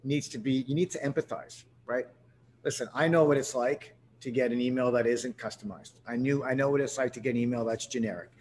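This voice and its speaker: A man's voice: mid-range voice, steady tone, fairly quick, a little mellow, a little hiss or hum. A man from Canada hosting a live sales webinar, talking energetically with lots of restarts and fillers. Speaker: webinar host.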